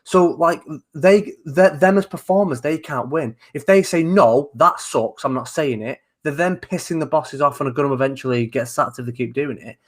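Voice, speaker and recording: A man co-hosting a wrestling talk show, talking in a casual, animated way that is full of swearing and false starts. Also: fairly high pitch, normal speed. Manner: animated, swearing, rambling with many restarts. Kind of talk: casual chat.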